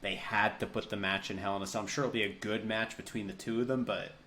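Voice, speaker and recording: A man co-hosting a podcast, chatting casually and briskly, keeping the running order moving. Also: fairly low pitch, steady tone, bright, forceful tone, a little hiss or hum. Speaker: podcast co-host. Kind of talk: casual chat.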